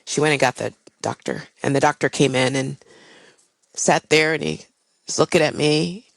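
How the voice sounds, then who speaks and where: A woman's voice: low-pitched, normal speed, vocal fry, no room sound, low-quality recording. An older woman, a guest and airline pilot, tells a personal story in a candid, reflective way with frequent fillers.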